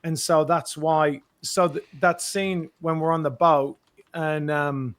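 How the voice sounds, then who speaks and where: Animated man telling stories. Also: a little high, takes it slowly, no echo. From Britain. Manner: animated storyteller, acts out quotes. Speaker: actor guest. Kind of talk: interview anecdote.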